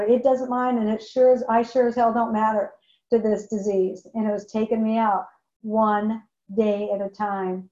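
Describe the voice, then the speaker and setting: Sitting on the high side with a mellow quality, a woman's voice tells the candid, emotional story of her recovery, frequently repeating phrases for emphasis. It was captured in an echoey, dull, lo-fi room.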